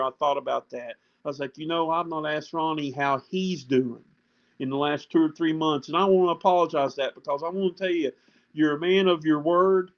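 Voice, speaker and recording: Man, guest, higher voice, animated storyteller, muffled lo-fi audio. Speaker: guest coach. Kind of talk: casual talk show chat.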